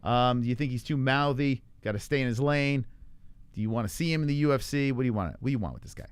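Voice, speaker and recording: A man hosts a casual live stream, chatting loosely and swearing freely between fillers. His voice is smooth and clear at a middling pitch. The close mic sounds dry, with no room around it. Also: quick pace, no room sound. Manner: loose, profane, rambling with frequent fillers. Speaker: livestream MMA show host. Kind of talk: casual live-stream chat reading viewer comments. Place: home in Arizona.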